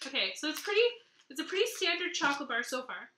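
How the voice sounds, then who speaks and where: A woman from Canada hosting a knitting video podcast, chatting excitedly to camera and gushing over gifts she received. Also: high-pitched, quick pace, roomy sound, background noise. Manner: excitable, gushing, laughs often. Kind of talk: casual chat to camera.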